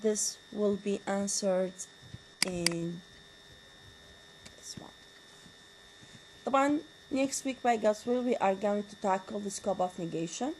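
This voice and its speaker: A woman's voice: medium pitch, measured pace, long pauses, a little mellow, slight background noise, rough recording. Woman lecturing on grammar. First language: Arabic. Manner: switches between English and Arabic, asks rhetorical questions. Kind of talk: university lecture.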